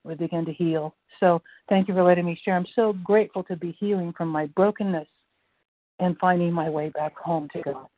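A woman's voice: lowish voice, steady tone, fairly quick, no echo. A woman giving an earnest, reflective share at a recovery meeting, growing fervent as she goes. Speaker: meeting member sharing. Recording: tinny phone line, dry.

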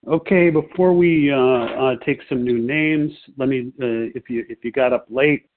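Man, relaxed meeting chair, tinny call audio. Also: medium pitch, unhurried, slight background noise. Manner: relaxed, friendly, jokey. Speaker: meeting leader.

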